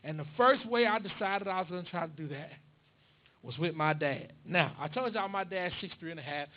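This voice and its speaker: A man preaches into a microphone in a church, swapping stories and jokes with the congregation. His voice sits high for a man. The recording is muffled and lo-fi. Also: lively intonation, fairly quick, slight background noise. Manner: conversational, humorous, addressing the congregation. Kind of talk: storytelling sermon. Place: church sanctuary. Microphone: handheld or stand microphone.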